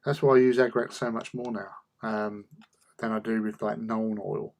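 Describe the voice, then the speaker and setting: A man's voice: lowish voice, little pitch movement, normal speed, vocal fry, a little mellow. A man chatting casually while he paints miniatures, muttering to himself as he works. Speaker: hobby painter.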